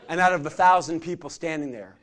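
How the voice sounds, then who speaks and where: A middle-aged man speaks to a gathering in the manner of a sermon, carrying his stories with a fairly high voice. He swings between loud, energetic passages and hushed, earnest ones. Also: fast. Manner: animated storyteller who swings from loud chanting to quiet intensity. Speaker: secular humanist chaplain and guest speaker. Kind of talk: storytelling sermon-style talk. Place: community gathering hall.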